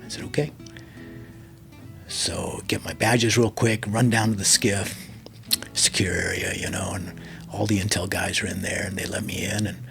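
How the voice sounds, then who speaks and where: A middle-aged army veteran telling a long story as an interview guest, acting out the dialogue and dropping to a near whisper at emotional moments. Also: male voice, low-pitched, fairly even intonation, moderate pace, vocal fry, a bit bright, faint music behind.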